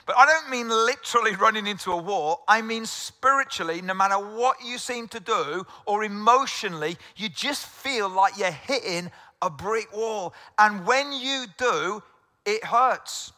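A man's voice: high-pitched, expressive, unhurried, sharp tone, in a large hall. A middle-aged English man preaching a sermon as pastor, telling stories conversationally with rhetorical questions. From England.

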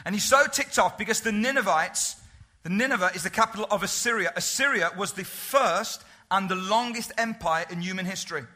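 A male pastor preaching a sermon, emphatic and lively, asking the congregation rhetorical questions. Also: sits high, a little fast.

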